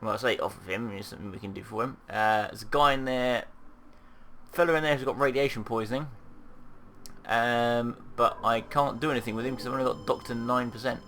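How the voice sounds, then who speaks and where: Chatty man with a gravelly voice. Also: mid-range voice, fairly even intonation, brisk, a bit bright, slight background noise. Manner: chatty, wry, with ums. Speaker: let's play commentator. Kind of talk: casual game commentary.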